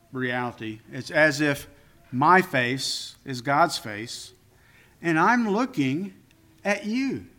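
Older guy preaching, slow and earnest, kinda high pitched, emphatic. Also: sharp tone. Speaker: pastor. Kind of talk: sermon.

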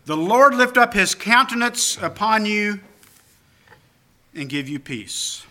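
Slow, bright-voiced male preacher. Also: sits high, lively intonation. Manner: conversational, self-deprecating asides; emphatic repetition, rising on key phrases. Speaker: pastor. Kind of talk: sermon.

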